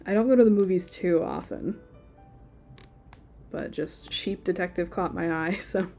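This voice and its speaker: A woman's voice: on the low side, a little slow, a little mellow, soft background music. A woman in her thirties, chatting casually while she draws during a live stream. She rambles and uses a lot of filler words. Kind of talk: casual chat while drawing.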